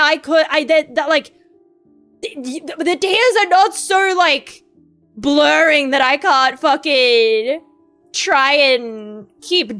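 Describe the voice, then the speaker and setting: Casting: young female streamer, high voice, slow unhurried delivery, rambling and self-deprecating. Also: a bit bright. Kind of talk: casual chat while drawing.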